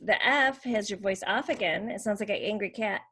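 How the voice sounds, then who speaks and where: Woman speech therapist, mid-pitched, patient, clear teaching voice for a demo video. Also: normal speed, a bit bright. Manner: clear, patient explaining with modeled speech sounds. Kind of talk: instructional demonstration.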